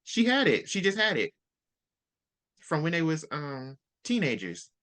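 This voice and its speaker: A man's voice: on the high side, huge pitch swings, measured pace, pushed and bright. A man in casual chat, animatedly retelling a book's plot and acting out the characters' lines. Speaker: book-swap co-host. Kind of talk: casual book discussion.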